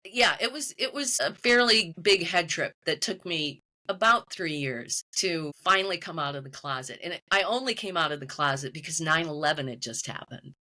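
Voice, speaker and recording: A woman being interviewed as a medium and author, telling her story in lively detail and acting out the voices of the people she quotes. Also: sits low, moderate pace, hardly any pauses. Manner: animated storytelling, quoting voices. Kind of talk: conversational interview.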